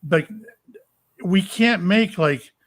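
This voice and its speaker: An older man from Florida, a psychic medium and retired police officer, telling stories in a halting, rambling way with many fillers. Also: sits high, a bit bright. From Florida, USA. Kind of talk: casual storytelling interview.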